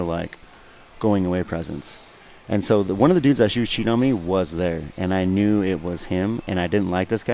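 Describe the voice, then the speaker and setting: A man's voice: low voice, a little mellow, a little hiss or hum. A young man, a guest fighter, telling a rambling, profane story in casual chat and often asking "you know what I mean".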